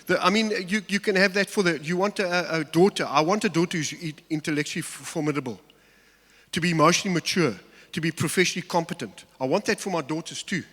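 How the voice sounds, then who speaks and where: A man's voice: a little high, a bit bright. Man preaching in an echoing hall. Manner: candid, emotional, halting when personal. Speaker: pastor. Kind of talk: sermon. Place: large church hall. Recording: long hall reverb.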